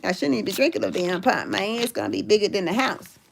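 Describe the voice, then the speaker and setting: A woman's voice: fast, gravelly, slight background noise. A middle-aged woman hosting a casual livestream, chatting with viewers and calling out where they are from. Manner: chatty, reads out viewers' locations, calls out "in the house"; animated, jumps high in pitch when greeting viewers. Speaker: livestream host.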